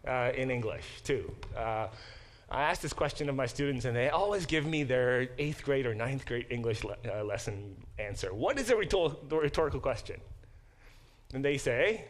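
With a medium-pitched voice at a normal pace, a man leads a church Bible class. He lectures conversationally, asks the class questions often, and restarts himself many times.

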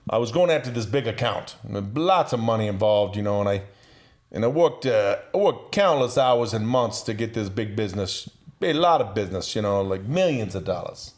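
A man as a podcast guest, telling a story in an animated, profane way and laughing as he goes. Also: lowish voice, moderate pace. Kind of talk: casual storytelling.

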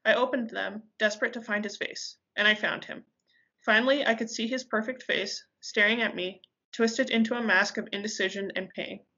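A woman reading a dramatic story aloud with intensity, pausing now and then to correct herself. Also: mid-range voice, steady tone, pushed and bright, muffled recording. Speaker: reader. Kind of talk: amateur audiobook reading.

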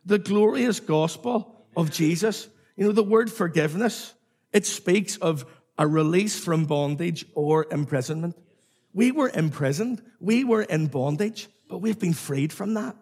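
A man preaching a sermon in a slightly high, husky voice. He is emphatic and repetitive, and calls on his listeners to answer back. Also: lively intonation, unhurried, a little mellow.

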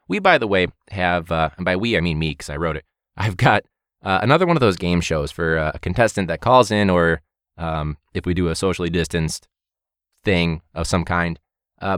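Deep voiced teacher guy riffing casually, jokey and rambly, swears a lot, dry close mic. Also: fairly bright tone, no room sound. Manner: rambling, joking, swears often. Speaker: teacher and podcast host. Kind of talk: casual comedic monologue.

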